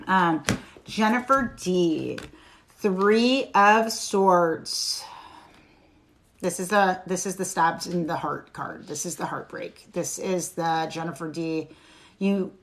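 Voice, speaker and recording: A woman giving a live-stream tarot reading, reassuring and chatty with her viewers. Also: fairly low pitch. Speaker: tarot reader.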